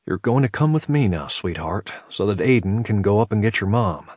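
A man's voice: lowish voice, lively intonation, brisk, darkish tone, slightly rough, no room sound, studio quality. A man voicing a firm firefighter brother. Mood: kind. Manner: firm with his brother, kind with a child. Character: older brother firefighter, firm and level-headed.

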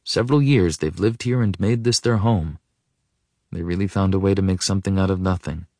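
A calm, admiring woman who speaks slowly and steadily, voiced by a male narrator in his own deep, low voice. The reading is dry and close to the microphone. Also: no echo.

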